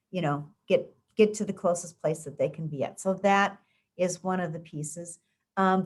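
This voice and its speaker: Low-voiced woman explaining school programs. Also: a little mellow. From United States. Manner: conversational, frequent ums and restarts. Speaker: school district education official. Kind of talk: community interview answers.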